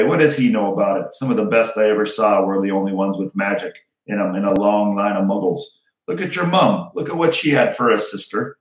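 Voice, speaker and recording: A man's voice: on the low side, lightly acted. A man voicing a big, kindly, folksy giant groundskeeper. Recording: roomy echo.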